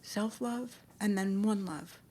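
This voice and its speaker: A woman's voice: mid-range voice, slow pace, warm tone. A middle-aged woman telling a personal spiritual story in a loose, conversational way, with many restarts and fillers. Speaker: spiritual speaker.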